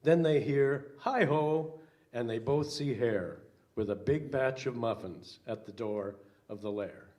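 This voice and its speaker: An older man, a minister, reading a children's story aloud slowly with some hesitant fillers. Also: mid-range voice, mellow.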